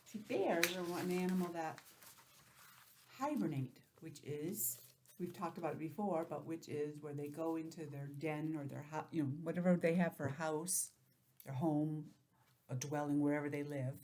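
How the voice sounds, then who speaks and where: Gentle woman teacher reading a story. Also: low voice, normal speed. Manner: gentle, explaining and asking questions. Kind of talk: reading a picture book aloud to young children.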